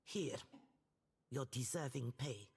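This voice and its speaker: A woman's voice: very deep voice, expressive, slow pace, vocal fry, darkish tone, breathy edge, exaggerated voice. An actress voicing a cold, scheming noblewoman in a video game, speaking in a clipped, commanding way. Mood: icy, commanding.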